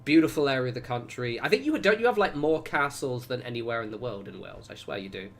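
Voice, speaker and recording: A man's voice: mid-range voice, expressive, fast talker, vocal fry, a little hiss or hum. Chatty man with a Southern English accent. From England (Wiltshire, Southwest). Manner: chatty, rambling, swears casually, laughs and reacts aloud. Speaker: game streamer. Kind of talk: casual livestream chat over gameplay.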